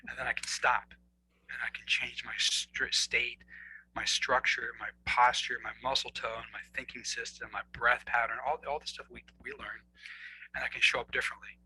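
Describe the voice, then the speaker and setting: Male coach guest, very forceful tense tone, earnest, acts out inner dialogue. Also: mid-range voice, flat delivery, moderate pace, husky, rough recording. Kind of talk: conversational explaining.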